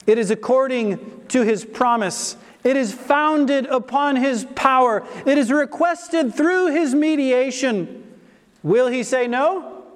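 A man preaching a sermon, slow and deliberate, stressing repeated phrases with emphasis. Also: very high-pitched. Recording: long hall reverb.

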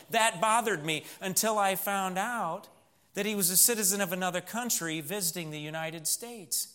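Bright-voiced Southern man preaching. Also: sits high, normal speed. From Missouri. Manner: earnest, swings from loud emphasis to hushed storytelling. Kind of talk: sermon.

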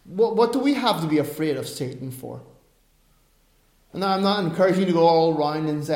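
A man's voice: on the high side, lively intonation, fairly quick, darkish tone. Emphatic preacher man in an echoey room. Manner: emphatic preaching with asides and self-corrections. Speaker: pastor. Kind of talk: sermon.

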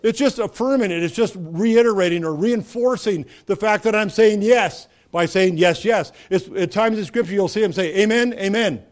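High-voiced man preaching a sermon. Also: moderate pace, few pauses. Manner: conversational preaching with rhetorical questions, rising to emphatic peaks. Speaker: pastor.

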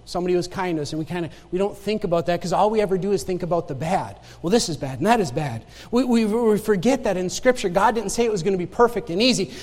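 A man's voice: high-pitched, darkish tone. A man preaching a sermon in a church, telling stories in a conversational way with many restarts. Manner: conversational preaching, storytelling with laughs and repeated restarts. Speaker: pastor. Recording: church sanctuary with long reverb.

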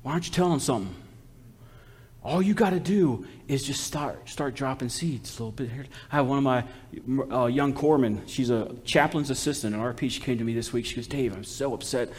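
A man's voice: medium pitch, brisk, breathy edge. A man preaching a sermon as a missionary, folksy and exhortative, calling out to the congregation for responses.

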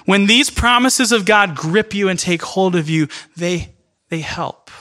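A man preaching a sermon in an earnest, emphatic way, speeding up in bursts and then slowing down. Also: high-pitched, bright, forceful tone. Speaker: pastor. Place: church in New York City.

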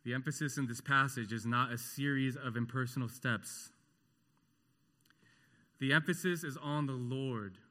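Slow, earnest preacher man in echoey hall. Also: medium pitch. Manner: impassioned, swinging from loud rhetorical questions to hushed tenderness. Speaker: pastor. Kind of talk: sermon.

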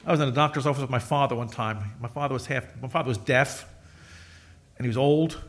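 A man's voice: mid-range voice, quick pace. A middle-aged male pastor preaching a sermon in a conversational, joking storytelling way, acting out quoted voices.

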